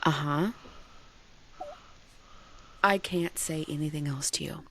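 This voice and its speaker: A woman's voice: deep voice, takes it slowly, breathy edge. A woman hosting a podcast, chatting in a playful, teasing, frank way. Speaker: podcast host. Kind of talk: casual podcast chat.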